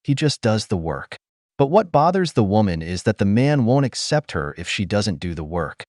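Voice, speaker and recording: Low-voiced man lecturing in dry commentary. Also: very animated, moderate pace, darkish tone, no echo. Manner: lecturing, blunt, addresses viewers directly. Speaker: commentary channel host. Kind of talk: opinion commentary voice-over.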